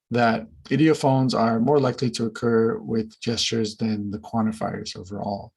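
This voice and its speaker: A man presents research findings at an academic conference, measured and careful yet full of fillers and restarts. His voice is fairly low and husky, and the recording is rough.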